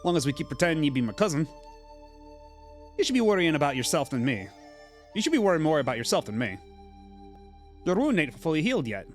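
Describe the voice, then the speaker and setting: A man's voice: on the high side, very animated, fast, pauses often, soft background music. A man voicing a protective village mother in a game, in a clumsy attempted Scottish brogue. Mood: scolding. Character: protective village mother, stern but caring. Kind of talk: reading game dialogue aloud.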